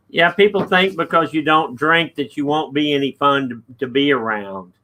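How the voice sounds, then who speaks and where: Texas guy hosting, laid-back stories, bright voice. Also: fairly high pitch, moderate pace. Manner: easygoing storyteller. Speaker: host. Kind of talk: casual interview chat.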